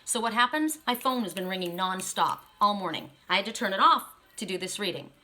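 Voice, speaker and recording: Woman, tarot reader, chatty and emphatic, bright forceful tone, mid pitch, casual spiritual reading. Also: expressive, a little fast. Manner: chatty and emphatic, keeps asking "right?".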